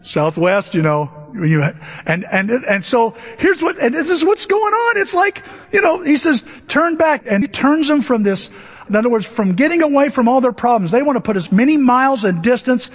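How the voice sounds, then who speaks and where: A pastor preaching a sermon, telling the story with animated energy, acting out voices and asking the congregation questions. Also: male voice, very high-pitched, moderate pace, breathy edge. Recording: dull, lo-fi audio with long hall reverb. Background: laughter from the congregation.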